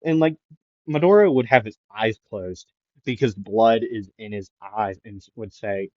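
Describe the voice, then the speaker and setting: Rambling low-voiced man telling a fan story. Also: measured pace, no room sound. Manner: rambling, full of "like" and "uh" and self-corrections. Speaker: anime YouTuber. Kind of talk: improvised fan-fiction storytelling. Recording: dull lo-fi dry mic.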